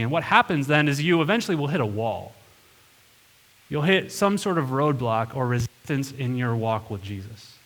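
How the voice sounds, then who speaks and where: A man's voice: medium pitch, lively intonation, moderate pace, a bit bright. A man, a pastor, preaching a sermon in a church, earnest and emphatic, leaning hard into the lines he quotes. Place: church sanctuary.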